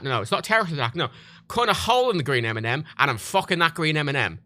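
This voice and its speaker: A British man with a highish, expressive voice talks quickly on a livestream, his tone bright and forceful. His chat is casual, crude and rambling, full of self-interruptions and fresh starts.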